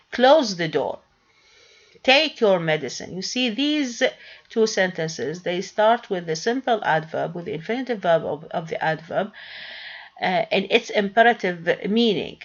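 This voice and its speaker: A woman's voice: medium pitch, dull audio. A woman with an Arabic accent teaching English grammar in a recorded lecture. She asks questions and answers them herself, with frequent hesitations and restarts.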